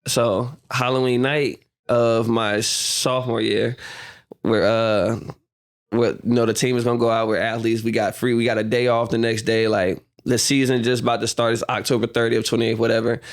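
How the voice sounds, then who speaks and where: A man's voice: mid-range voice, moderate pace. Laid-back man telling stories. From United States. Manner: animated storyteller, acts out quotes, laughs often. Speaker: guest, professional basketball player. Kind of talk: casual storytelling interview.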